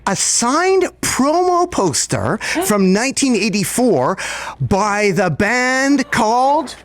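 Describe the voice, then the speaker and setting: Hyper interviewer guy, voice swoops all over the place, quirky rapid-fire questions. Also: very high-pitched, very animated, a bit bright. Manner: eager, bouncy, jumps between topics. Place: record store.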